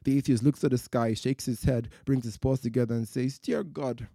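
Measured, rhythmic male poet-storyteller. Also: medium pitch, flat delivery, warm tone, dry recording, studio quality. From West Africa. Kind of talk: live performance storytelling. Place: night-time festival marquee.

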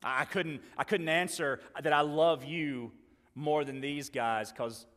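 A man's voice: on the high side, measured pace. Earnest male preacher in a reverberant hall. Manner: earnest, acts out quoted dialogue, shifts between loud emphasis and quiet asides. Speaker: pastor. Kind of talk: sermon.

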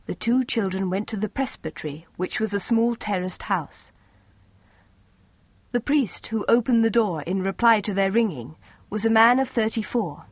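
A woman narrating a story in an expressive, lively storybook way. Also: medium pitch, dry recording.

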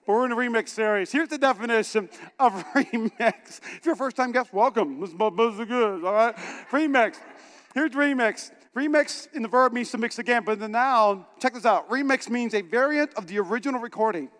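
A man who pastors a church, preaching a sermon in an animated, joking way and talking straight to his congregation. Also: very high-pitched, fairly quick. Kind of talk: energetic sermon. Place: large church hall. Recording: reverberant church hall.

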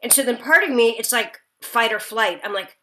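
Woman, guest, bright tense voice, animated storytelling, lots of fillers. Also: on the high side, moderate pace. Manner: lively, self-deprecating storyteller with many fillers. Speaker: actress guest. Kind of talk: animated anecdote in casual chat.

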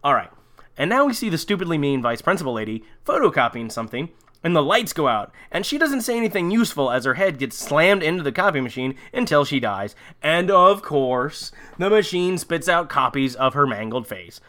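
A man with a bright, lively voice that swings up and down in pitch. He gives a sarcastic, profane recap of a movie for a comedy podcast. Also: fairly quick. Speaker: podcast host.

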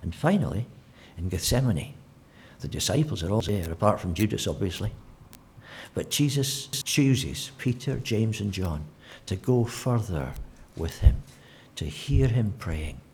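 A man preaching a sermon, telling the story with animated delivery and acting out quotes in different voices. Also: lowish voice, a little slow, a little hiss or hum.

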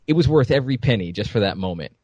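Animated man retelling a game scene. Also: medium pitch, quick pace, slightly rough, dry recording, dull audio. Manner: animated, acts out characters' lines while retelling. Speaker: podcast co-host.

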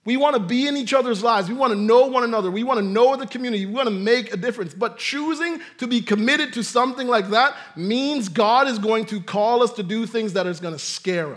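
A man's voice: very high-pitched, a bit bright. A man pastor preaching a sermon in a conversational way, with self-deprecating humor.

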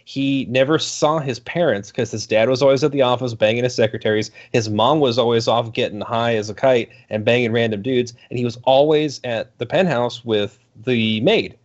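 A man's voice: mid-range voice, normal speed, hardly any pauses. A man in casual podcast chat, ranting animatedly and swearing, slipping into mocking voices. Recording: dull lo-fi sound.

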